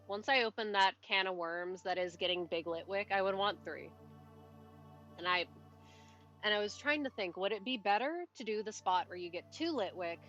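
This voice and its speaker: A woman streaming a game live, chatting casually and rambling, often cutting herself off and laughing softly. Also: mid-range voice, highs cut off. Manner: rambling, self-interrupting, chatty with little laughs. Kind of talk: casual live-stream chat while playing.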